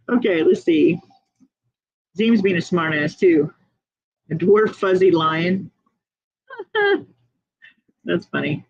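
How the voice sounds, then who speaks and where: A woman's voice: fairly low pitch, sing-song, drawn-out words, long pauses, husky, no echo, highs cut off. A woman hosting a casual livestream, chatting, laughing often and reading viewer comments aloud. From United States. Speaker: livestream host.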